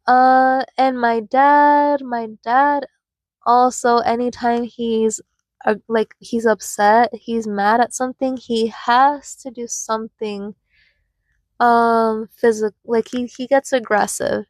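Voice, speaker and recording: A woman's voice: fairly high pitch, steady tone, slow pace, darkish tone, no room sound. A young woman vlogger telling a personal story in a casual, rambling way, full of fillers and restarts.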